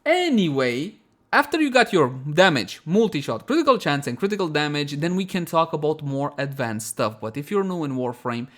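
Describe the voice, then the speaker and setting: Guy doing a game guide voice-over, a bit high-voiced, chatty, pokes fun at himself and keeps cracking up. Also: normal speed. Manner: chatty and self-mocking, often breaking into laughter; addresses viewers as "my friends", animated.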